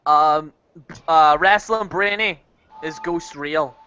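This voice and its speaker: A man's voice: on the high side, slow pace, pushed and bright, lo-fi sound, a little hiss or hum. A man hosting a loose, chatty group video call, often laughing. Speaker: host. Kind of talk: casual group video chat.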